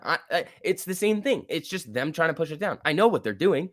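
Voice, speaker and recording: A young man hosting a live stock-market stream, talking in an emphatic, excitable rant. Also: a little high, brisk, no echo, studio quality. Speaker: livestream host.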